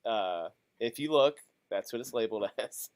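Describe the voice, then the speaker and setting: A man's voice: on the low side, animated, normal speed. A man co-hosting a live stream, rambling loosely and filling his talk with "like" in casual chat. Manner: rambling, heavy use of "like". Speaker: podcast co-host.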